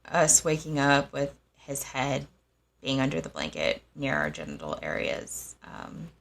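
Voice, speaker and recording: A young woman with a low voice and a gravelly edge tells her own story. She speaks slowly and haltingly, with her pitch moving widely. She pauses often and talks softly. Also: big pitch swings. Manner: halting, soft-spoken, with frequent pauses and fillers. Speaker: host. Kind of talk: personal storytelling monologue.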